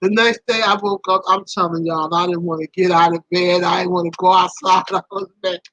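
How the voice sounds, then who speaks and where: A woman hosting a live stream tells a story to her viewers in a lively, casual way. She laughs often, and her voice jumps up high at the embarrassing parts. Her tone is bright and forceful, and the recording is close and dry. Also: brisk, no echo, low-quality recording. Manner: animated, laughing, swoops high when embarrassed.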